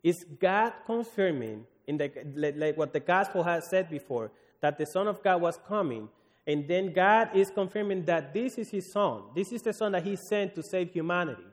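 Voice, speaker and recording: A man's voice: sits high, animated, normal speed. A man preaching a morning sermon, earnest and pleading, often restarting his phrases. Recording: long hall reverb.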